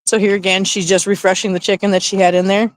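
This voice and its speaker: A woman's voice: mid-range voice, flat delivery, quick pace, no echo, low-quality recording. A middle-aged woman hosting a casual livestream outdoors at night, chatty and playful, laughing often and talking into a handheld phone. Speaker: livestream host.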